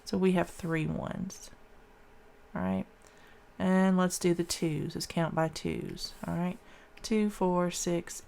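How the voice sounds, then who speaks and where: A woman's voice: low-pitched, gravelly, darkish tone, a little hiss or hum. A woman math teacher talking through a calculation step by step, counting aloud in a casual, informal way. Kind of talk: casual classroom math lesson.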